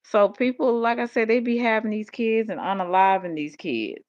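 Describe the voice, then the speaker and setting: An older woman, talking in a rambling, animated monologue. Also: medium pitch, normal speed. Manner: rambling, animated storytelling with vernacular speech. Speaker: vlogger. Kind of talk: casual monologue. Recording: dull lo-fi audio.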